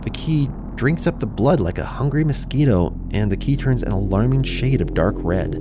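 A man's voice: mid-range voice, expressive, moderate pace, noisy background. A man narrating a first-person fantasy story in a conversational way, speaking to the listener directly.

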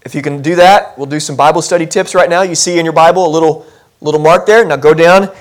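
A man's voice: fairly high pitch, fairly even intonation, quick pace. A male pastor giving a conversational sermon, chatty and self-deprecating, asking the congregation questions. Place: church sanctuary.

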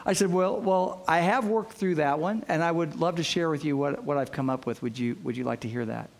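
Animated man preaching a sermon. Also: a little high, a little fast, gravelly. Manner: storytelling, acts out quoted voices, frequent restarts. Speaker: pastor.

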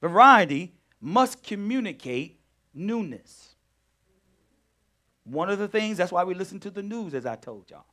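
Animated high-voiced preaching man. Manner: call-and-response preaching, drawn-out phrases, laughs with the audience. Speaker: pastor. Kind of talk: lively Bible-study sermon.

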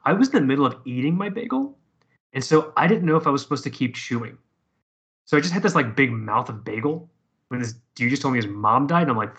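A man's voice: mid-range voice, animated, fast talker, fairly bright tone. A man telling a personal story in casual conversation, profane and rambling with many restarts.

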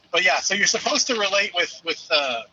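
A man's voice: sits high, bright, forceful tone, dull audio, slight background noise. A man calling in as the show's movie reviewer, talking casually and stumbling over repeated words, with some swearing. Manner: hesitant, repeats words, profane. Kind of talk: casual call-in chat.

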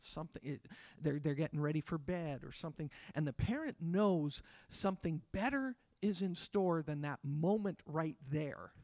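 A man in his fifties preaching in a conversational way, with a fairly high voice. He drops into softer voices to act out small scenes. The sound is dry and close, with little room. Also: dry recording. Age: 50s. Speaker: pastor. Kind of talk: sermon. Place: church.

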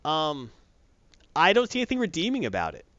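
A man's voice: a little high, huge pitch swings, a little fast, bright, forceful tone, dry recording. A man casually reviewing comic books, sarcastic and exasperated, rambling through his opinions. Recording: dull, lo-fi, dry.

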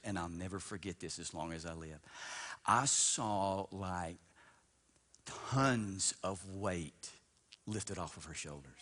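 A man in his fifties, a pastor preaching a sermon, swinging between loud emphatic bursts and hushed storytelling and repeating words as he builds up. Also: low-pitched, slow pace, some chatter behind. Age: 50s. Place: church sanctuary. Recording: long church-hall reverb.

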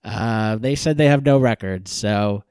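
Wry low-voiced man in banter. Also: unhurried, darkish tone, clean tone, no room sound. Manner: wry, dry jokes, filler-heavy. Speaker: news podcast co-host. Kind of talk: casual political commentary.

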